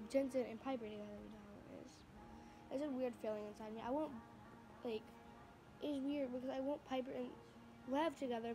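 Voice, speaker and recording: A woman's voice: high-pitched, background noise. A woman vlogging a casual reaction, talking in a rambling, chatty, gushing way while filming on her phone at home by the TV. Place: at home in front of a TV. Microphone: phone camera.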